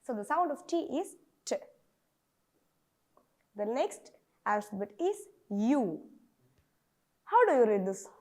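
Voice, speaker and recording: A woman's voice: a little high, big pitch swings, takes it slowly, pauses often, a little mellow. A woman from Kerala with a Malayali English accent, teaching phonics to children and repeating each letter sound over and over. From Kerala, India.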